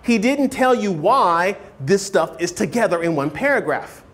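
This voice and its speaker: Man, writing teacher, high voice, animated lecture, checks if students follow. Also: a little slow. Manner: animated, keeps checking understanding with questions; acts out hedging speakers in a higher voice. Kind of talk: classroom lecture.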